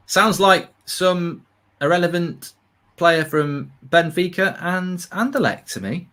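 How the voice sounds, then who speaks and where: An English man co-hosting a live football watchalong, chatting casually with animated, sweary banter and loud outbursts. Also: high-pitched, takes it slowly. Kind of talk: casual live match chat.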